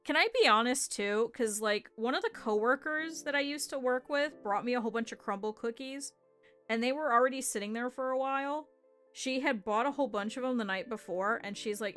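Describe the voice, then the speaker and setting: A woman's voice: fairly high pitch, moderate pace, fairly bright tone, soft background music. A woman streamer chatting casually with her viewers while she sews, with laughing asides. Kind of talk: casual livestream chat while sewing.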